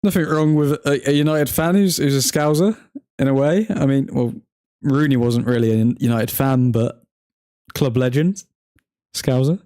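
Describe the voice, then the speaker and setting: A young man hosts a football watchalong livestream, trading jokes with the chat and laughing easily. His voice is mellow and warm, with a dry, close sound and an easy, casual delivery. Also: medium pitch, moderate pace, smooth, no room sound. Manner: joking banter, laughs often, talks to chat by name. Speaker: livestream host reading chat.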